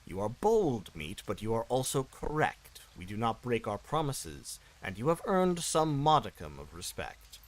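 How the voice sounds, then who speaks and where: A man voicing an ancient female demon queen in a raspy, slow and menacing voice. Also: medium pitch, big pitch swings, rough recording. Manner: slow, drawn-out, looming delivery.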